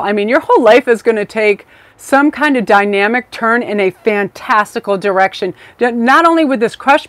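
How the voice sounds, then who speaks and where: A woman's voice: medium pitch, no echo. A woman hosting a live-stream tarot reading, talking in an effusive, rambling, chatty way with many fillers.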